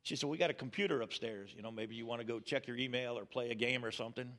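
A man's voice: medium pitch, quick pace, fairly bright tone. A middle-aged man giving a plainspoken personal testimony with self-deprecating humor. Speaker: testimony speaker.

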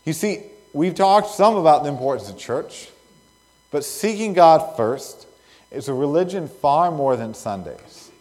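A male pastor delivers an earnest sermon, his slightly high voice climbing and dropping with lively emphasis. He pauses between phrases and leans on key words. The sound carries a long reverb from a large church hall. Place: church sanctuary.

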